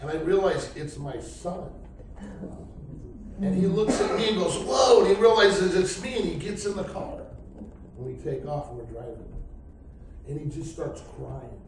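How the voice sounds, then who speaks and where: A middle-aged man with a fairly high, animated voice gives a testimony at a night church service, unhurried and with long pauses, rambling through his story and acting out what people said. The echoey church hall is recorded from far off with a faint hiss.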